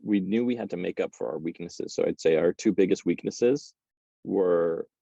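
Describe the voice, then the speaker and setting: Brief: gravelly, mellow male interview guest, animated with halting restarts. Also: deep voice, no room sound, dull audio. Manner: animated, repeats words when starting. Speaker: guest entrepreneur. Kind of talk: casual interview storytelling.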